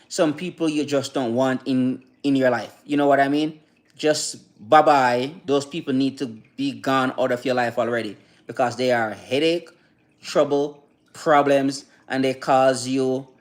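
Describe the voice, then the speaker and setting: A man talking casually on a livestream, rambling and repetitive, with many restarts and asides to viewer chat. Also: on the high side. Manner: rambling and repetitive, many restarts, keeps asking "you know what I mean"; reads and answers viewer chat. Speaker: livestreamer giving advice.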